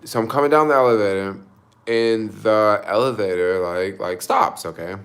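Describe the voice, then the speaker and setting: A man's voice: on the low side, normal speed, fairly bright tone. A young man vlogging, emotional and close to tears, telling a rambling story full of fillers and restarts about his delivery shift. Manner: rambling, self-conscious, lots of fillers. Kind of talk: casual storytelling vlog.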